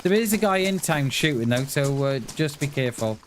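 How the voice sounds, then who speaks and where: A man's voice: fairly high pitch, lively intonation, fairly quick, slight background noise. A man from the UK streaming a survival game, chatting casually and talking to himself as he plays. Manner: chatty, talks to himself while playing. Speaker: livestreamer. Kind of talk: casual gameplay commentary.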